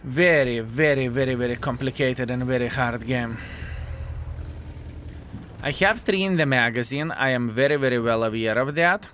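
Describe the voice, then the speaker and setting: A man commentating his own video game match to viewers, animated and self-mocking, calling them fellas, with slightly non-standard English phrasing. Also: medium pitch, moderate pace, slight background noise. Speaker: video game player and channel host. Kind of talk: live gameplay commentary.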